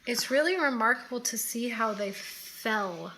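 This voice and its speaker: A woman's voice: a little high, expressive, a little slow, very noisy. A woman co-hosting a casual chat while doing her makeup, easygoing and chatty, often trailing off mid-thought. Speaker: co-host.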